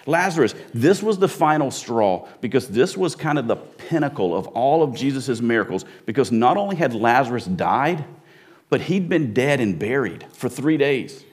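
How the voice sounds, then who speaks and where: Animated man preaching a sermon. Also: mid-range voice, normal speed. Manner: animated preaching with frequent repeats and restarts. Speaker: pastor.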